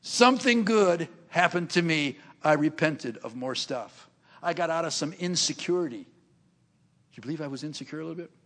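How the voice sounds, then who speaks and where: Older man preaching, gravelly voice. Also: fairly high pitch, expressive, moderate pace, fairly bright tone. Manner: chatty, laughs between lines, acts out quoted people. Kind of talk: sermon storytelling.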